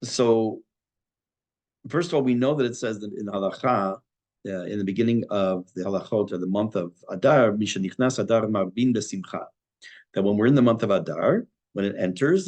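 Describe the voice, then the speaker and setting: A middle-aged man, a rabbi giving a Torah class, talking thoughtfully many pauses and restarts. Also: on the low side, a little mellow.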